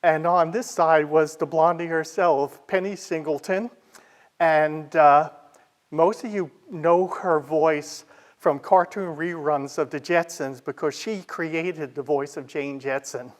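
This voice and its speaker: A man presenting a library history talk in a chatty, informal way, often pausing on "uh" and adding side remarks. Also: a little high, steady tone. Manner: chatty, with frequent "uh" fillers and asides.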